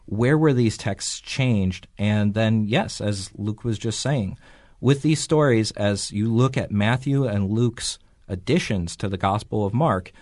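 Brief: male podcast host, low voice, measured and lecturing, dry close sound. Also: a little mellow, no room sound. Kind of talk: explanatory podcast discussion.

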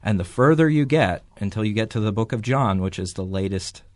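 Low-voiced man explaining on a podcast. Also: animated, no echo. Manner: measured, lecturing explanations. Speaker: podcast host.

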